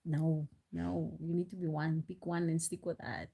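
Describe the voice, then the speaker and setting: A woman chatting on a live stream, telling stories in an animated, rambling way with restarts and frequent laughs, into a phone. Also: deep voice, moderate pace, creaky, breathy edge. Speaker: livestreamer. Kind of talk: casual storytelling on a live stream.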